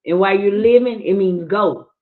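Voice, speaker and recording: Over a phone-like, tinny connection, a livestream guest speaks of her grief at normal speed in a medium-pitched voice. She's frank and earnest in a casual way, and she keeps restarting her sentences.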